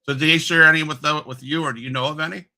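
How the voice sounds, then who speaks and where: A man's voice: fairly high pitch, steady tone, very fast, sharp tone, poor audio. A man hosting a podcast interview, asking long rambling questions with many restarts. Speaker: podcast host. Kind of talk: interview conversation.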